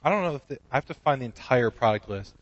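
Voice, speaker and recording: A man's voice: mid-range voice, lively intonation, fast, dry recording, highs cut off. Casting: male comedy podcast co-host, rambling, jokey, casual. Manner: rambling, joking, many restarts.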